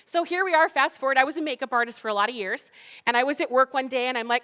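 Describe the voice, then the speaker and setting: A woman's voice: high voice, fast, pushed and bright. A woman giving a motivational talk, telling her story animatedly and acting out the dialogue with laughs. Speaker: cookbook author and speaker.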